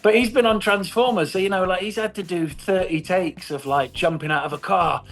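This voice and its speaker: A man's voice: high-pitched, a little fast, fairly bright tone, faint music behind. A middle-aged man in a casual interview, telling stories with animation, swearing and laughing often. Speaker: actor guest.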